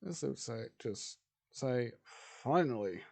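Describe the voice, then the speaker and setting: Slow, creaky male storyteller. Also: mid-range voice, very animated, warm tone. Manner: rambling, repetitive "as he would say". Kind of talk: improvised fan story narration.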